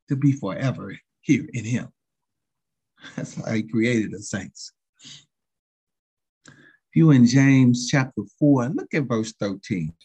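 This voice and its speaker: Husky preacher man, rising and falling. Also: a little mellow. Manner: call-and-response preaching with frequent "saints" and "thank you, Jesus"; chuckles between phrases, pitch swings widely. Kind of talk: sermon.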